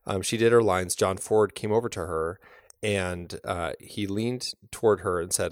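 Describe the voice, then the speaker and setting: A man with a fairly low voice talks casually, circling his point with fillers and false starts. The sound is dry and close, with no room around it. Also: unhurried, no room sound. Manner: thoughtful, rambling with many fillers and restarts. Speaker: podcast co-host. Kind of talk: casual film discussion.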